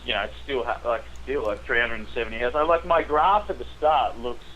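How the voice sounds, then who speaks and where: A man's voice: medium pitch, fairly quick, fairly bright tone, a little hiss or hum, poor audio. A man with an Australian accent, a guest poker player chatting casually and hesitantly with lots of fillers. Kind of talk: casual chat.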